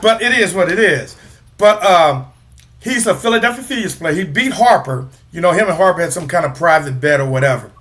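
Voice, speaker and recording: High bright-voiced man ranting about sports. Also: animated, brisk. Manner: rambling, joking, trash-talking. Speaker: co-host. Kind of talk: casual sports chat.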